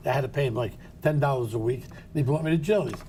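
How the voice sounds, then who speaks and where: A man's voice: mid-range voice, quick pace, warm tone, slight background noise. An older man, casually telling a long anecdote as a show's co-host, laughing now and then. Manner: gravelly, laughs while telling stories. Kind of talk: casual storytelling.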